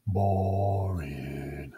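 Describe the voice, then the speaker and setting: A man's voice: mid-range voice, wildly swooping pitch, creaky, darkish tone, breathy edge, exaggerated voice. Man doing a sulky, bored cartoon dog. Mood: grumbling. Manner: slow, sulky grumbling. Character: grumpy bored male pet dog.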